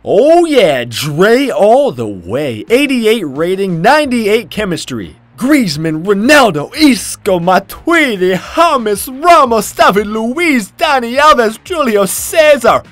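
A man giving excited, trash-talking commentary over his own football video game match, often shouting. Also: high voice, slow pace, no room sound, faint music behind. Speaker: gaming commentator.

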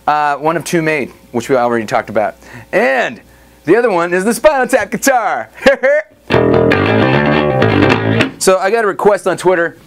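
A man's voice: sits high, sing-song, moderate pace, pauses often. Laid-back jokey man demoing a guitar. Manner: loose and jokey, laughing, rambling asides. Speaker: guitar demo host. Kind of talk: casual chat demonstrating a guitar.

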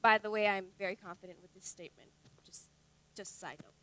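A woman's voice: medium pitch, fairly even intonation, fast, a bit bright. A teenage girl giving an earnest, confiding talk on stage, with wry asides. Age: teens. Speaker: student speaker. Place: stage at a youth talk event.

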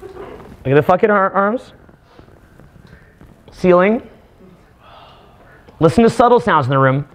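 Guy running a live workshop, high voice, swears a lot, ranting for laughs. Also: slow, long pauses. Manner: profane, animated, mock-ranting. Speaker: seminar speaker. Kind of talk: live workshop talk to a small group.

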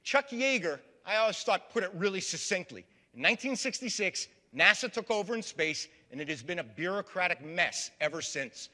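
Bright-voiced male lecturer in an echoing hall. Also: high-pitched, expressive, a little fast, few pauses. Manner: storytelling, repeatedly addresses the audience as folks. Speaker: history lecturer. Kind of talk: public lecture. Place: historic building lecture room with a live audience. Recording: long reverb of a large hall.

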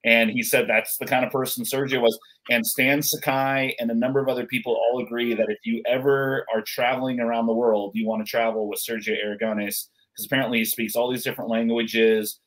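A man's voice: mid-range voice, flat delivery, fairly quick, hardly any pauses, a bit bright, low-quality recording. A man hosting a casual chat, rambling with many fillers.

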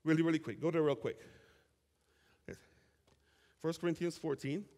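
A male pastor delivers a sermon in a fairly high voice, reading scripture aloud and pausing to ask his congregation to fill in the words. His delivery moves between animated preaching and casual asides. The recording carries the long echo of a church sanctuary. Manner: animated preaching with call-and-response questions to the congregation; conversational asides and quick restarts while reading scripture. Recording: long reverb of a church hall.

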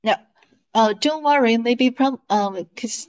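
A woman's voice: a little high, takes it slowly, darkish tone. A woman whose first language is Mandarin teaches an online Chinese lesson in English, drilling pronunciation patiently with many fillers. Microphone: screen-shared video call.

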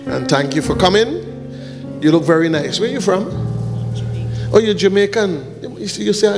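A man's voice: high voice, lively intonation, unhurried, pauses often, in a large hall, over music. A man preaching as a pastor, joking and bantering with the congregation while handing out gifts, sometimes breaking into short sung lines. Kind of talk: church service, handing out gifts. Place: church hall.

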